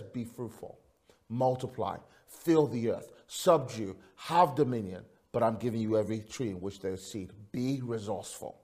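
A man preaching a sermon, swinging from quiet storytelling to loud, fervent peaks. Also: normal speed. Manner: preaching with big swings in pitch and loudness, rising to fervent peaks. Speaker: pastor.

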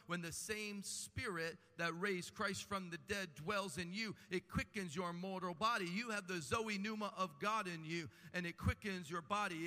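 A man preaching a sermon with animated delivery and humorous asides. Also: high voice, normal speed, hardly any pauses. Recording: long hall reverb.

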